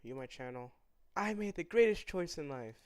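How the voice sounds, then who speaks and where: A man's voice: fairly high pitch, lively intonation, normal speed, clear, resonant tone. A man chatting casually on a live stream, rambling and repeating himself while teasingly looking back over his old clips.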